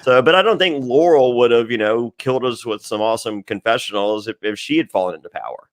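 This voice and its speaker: A man as guest on a podcast, chatting casually in an animated way, swearing and often laughing. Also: medium pitch, fast talker, dry recording.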